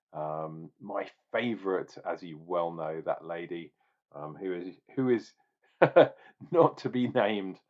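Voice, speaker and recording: A man's voice: on the low side, highs cut off. A man doing a casual beer review video, rambling with restarts and growing exasperated as he rants.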